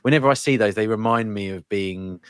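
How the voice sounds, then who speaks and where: A man appearing as a podcast guest, talking about a film in a relaxed, thoughtful way. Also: lowish voice, brisk, clear, resonant tone, dry recording, studio quality. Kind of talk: casual film-review chat.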